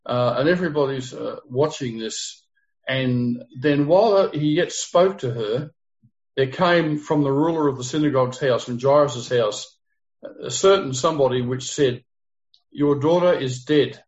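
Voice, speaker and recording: A man's voice: medium pitch, normal speed. A man leading an interactive Bible study, explaining the text earnestly and putting questions to his group. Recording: dull lo-fi recording.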